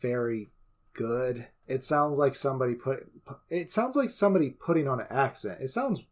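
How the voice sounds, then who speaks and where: A man co-hosting a podcast in casual chat, talking in halting, hedging bursts with some teasing. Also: medium pitch, animated, a little mellow. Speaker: podcast co-host.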